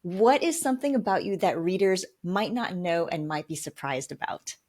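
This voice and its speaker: A woman's voice: fairly low pitch, expressive, normal speed, darkish tone. Encouraging woman hosting an interview. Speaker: podcast host. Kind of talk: conversational interview.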